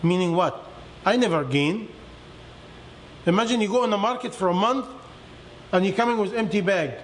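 A man preaching a sermon in non-native English with simplified grammar, swinging emphatically between high and low. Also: normal speed, a little hiss or hum. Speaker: religious teacher.

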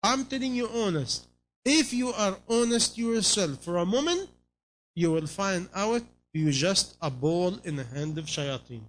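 A man's voice: sits high, animated, a little slow. A man preaching a sermon in non-native English phrasing, pressing his listeners with repeated rhetorical questions.

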